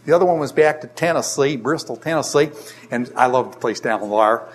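An older man teaching a casual Bible lesson, asking the class questions and telling stories with animated energy. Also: mid-range voice, brisk.

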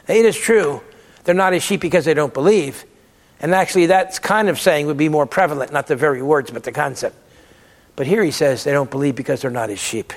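A man's voice: a little high, in a large hall. A man giving a Bible lecture, emphatic and repeating words to stress his points. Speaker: theology lecturer.

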